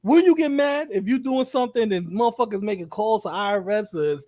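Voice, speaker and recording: A man co-hosting a live commentary stream, talking in an animated, profane and rambling way, often repeating himself. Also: sits high, a little fast, no echo.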